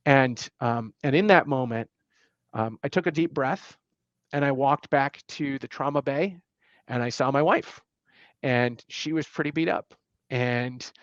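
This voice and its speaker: A middle-aged man tells a painful personal story as a podcast guest, his voice sitting somewhat high. He halts often, restarting lines and reaching for fillers as the emotion catches up. The sound is dull and lo-fi, with no room echo. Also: unhurried, a bit bright.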